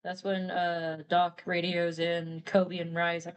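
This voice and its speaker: A woman's voice: on the low side, monotone, slow pace, smooth. A woman retelling a story casually while drawing on a live stream, rambling and quoting characters with "he's like". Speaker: artist streamer.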